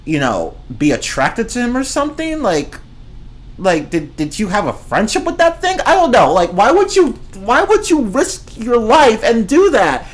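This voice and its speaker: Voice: medium pitch, wildly swooping pitch, normal speed. A streamer ranting casually about movies, rambling and swearing, often breaking into laughter. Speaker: streamer reviewing films. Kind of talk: casual rant.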